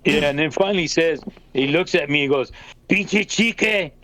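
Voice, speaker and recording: Older guy, podcast storyteller, animated and foul-mouthed, slightly higher voice. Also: fast, a little hiss or hum. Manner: animated, swearing, laughing through the story. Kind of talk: casual storytelling chat.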